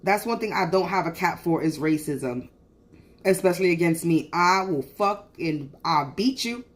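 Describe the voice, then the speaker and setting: A woman's voice: on the low side, normal speed. A woman venting into her phone on a livestream. She tells the story in a heated, profane rush, often stopping and starting over mid-sentence. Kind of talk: venting casual monologue.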